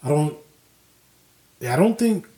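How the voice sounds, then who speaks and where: A man's voice: on the high side, animated, unhurried, mellow. A man co-hosting a podcast, loose, joking and profane in casual chat. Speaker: podcast co-host. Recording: roomy echo.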